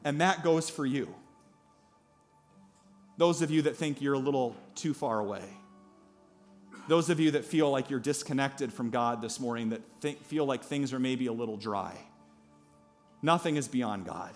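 A pastor preaching a sermon at a church service, telling a story in a lively way with asides to the congregation. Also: male voice, mid-range voice, unhurried, faint music behind.

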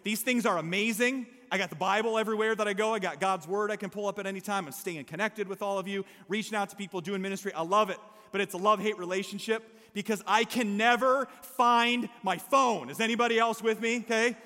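Male pastor, high voice, chatty preaching with jokes and call-outs, long church reverb. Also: fast, hardly any pauses. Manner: conversational preaching with frequent "okay?" and "amen?" to the congregation; lively storyteller who mixes humor with earnest emphasis. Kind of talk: sermon. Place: church service before a congregation.

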